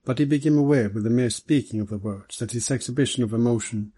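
A man narrating a detective novel as an audiobook, reading in a measured, steady way. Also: mid-range voice, breathy edge.

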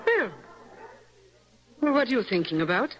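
An actress playing a composed, motherly young wife in a radio stage play, speaking in a gently commanding, teasing way. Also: fairly high pitch, very animated, normal speed, some chatter behind, poor audio. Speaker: clergyman's wife.

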